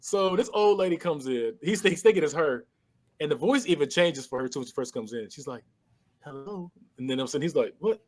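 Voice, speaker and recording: A man's voice: on the high side, fast. A man casually recapping a movie on a podcast, acting out the characters' lines with laughs. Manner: animated storytelling, acts out characters' lines with laughs. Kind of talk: casual chat.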